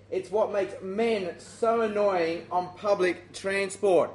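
An Australian man preaching a sermon in a lively, self-mocking and direct way. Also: high-pitched, unhurried, hardly any pauses.

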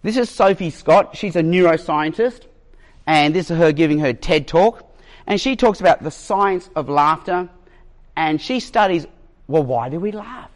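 Man, pastor, sermon, emphatic, storytelling, fairly high voice, lively pitch. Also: normal speed. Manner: storytelling, emphatic, varies his pace.

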